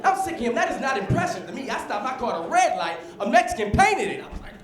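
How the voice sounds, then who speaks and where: A man from the United States performing a stand-up comedy set on a club stage with punchy, animated delivery. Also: very high voice, fast talker. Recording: live club set with audience laughter. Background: crowd laughter and room noise.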